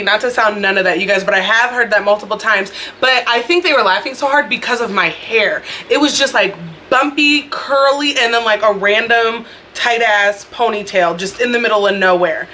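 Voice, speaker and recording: A young woman with a bright, clear voice tells a casual storytime vlog. She talks in a chatty, expressive way and speaks straight to her viewers. She records it on her phone indoors, with faint noise behind her. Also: on the high side. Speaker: vlogger. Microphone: phone camera.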